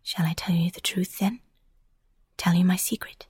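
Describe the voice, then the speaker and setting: A still, mysterious young girl speaks in a whispered role-play, as a woman puts her on. Her voice is breathy and hushed, barely more than air. It sits close and dry, with no room sound. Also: on the low side, fairly even intonation, normal speed, no echo. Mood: secretive.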